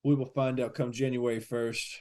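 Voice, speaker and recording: A man co-hosting a casual sports podcast, with a voice of middling pitch. He talks brashly and confidently and ribs his co-host as he makes bold predictions. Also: flat delivery, moderate pace, mellow.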